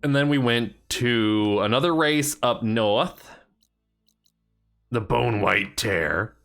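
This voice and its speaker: A man's voice: mid-range voice, takes it slowly, vocal fry, a bit bright, soft background music. A man streaming a video game, casually recapping past progress and joking with his chat. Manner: rambling, jokey banter with chat.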